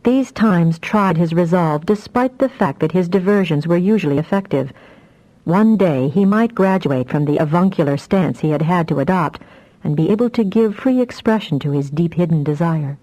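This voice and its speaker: A woman narrating a fantasy audiobook in a measured, even storytelling manner. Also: lowish voice, low-quality recording.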